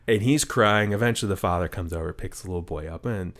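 A man's voice: low-pitched, fast, fairly bright tone. A man co-hosting a podcast in casual chat, rambling through an anecdote with fillers and restarts. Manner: rambling storyteller, many fillers and restarts, laughs at own story. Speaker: podcast co-host.

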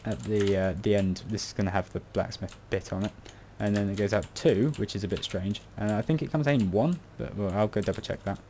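A man's voice: fairly low pitch, fairly quick, hardly any pauses, dark tone, slight background noise. A British man giving casual commentary on a building tutorial, rambling and muttering to himself with self-mocking asides. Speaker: game tutorial creator.

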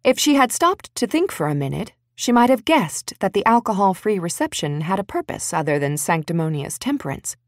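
A woman narrating an audiobook in an expressive, wry storytelling manner. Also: mid-range voice, fairly quick, hardly any pauses, no room sound, studio quality.

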